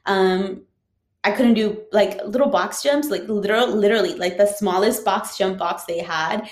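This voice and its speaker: A woman's voice: mid-range voice, moderate pace. A woman who is a teacher, casually telling a personal story with lots of fillers. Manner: chatty, frequent "like" and "um" fillers. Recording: roomy echo.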